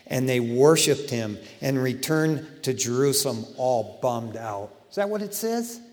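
A man preaching a sermon in a lively, conversational way, with casual slang. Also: on the high side, big-room sound. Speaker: pastor. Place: church.

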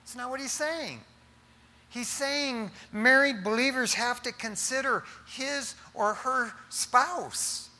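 Middle-aged pastor guy preaching in a church, real bright voice, keeps saying man, echoey hall. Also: high-pitched. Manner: animated, conversational, often says "man". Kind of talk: sermon.

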